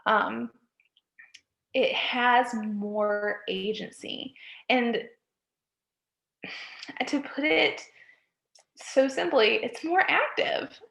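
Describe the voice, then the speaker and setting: A woman instructor delivers a recorded writing lecture, pausing to check in with "okay?" and catching her own slips as she goes. She talks slowly, with a gravelly fry in her voice. The sound carries a noticeable room echo. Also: on the high side, fairly bright tone. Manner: checks in with frequent "okay?", corrects herself mid-sentence. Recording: echoey room.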